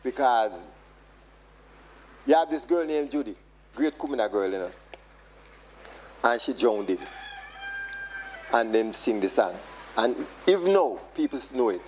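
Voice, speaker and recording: A man's voice: medium pitch, lively intonation, unhurried, pauses often, a little mellow, a little hiss or hum. A man with a Jamaican accent, a Kumina practitioner, talking about folk songs and breaking into chanted singing. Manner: chanting call-and-response songs. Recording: dull lo-fi audio.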